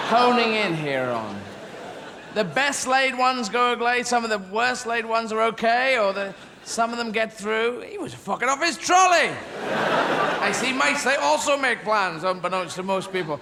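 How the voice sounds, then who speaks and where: Man, stand-up comic, high bright voice, very lively pitch, big hall reverb, audible crowd. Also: gravelly. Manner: animated, flips into many silly character voices. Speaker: stand-up comedian. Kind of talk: stand-up comedy routine. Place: large theatre with live audience. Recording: live stage recording in a reverberant hall with crowd noise.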